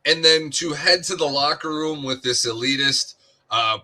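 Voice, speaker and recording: A man co-hosting a sports podcast, breaking down games in a measured, analytical way with dry humor. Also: a little high, bright, forceful tone. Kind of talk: casual analytical chat.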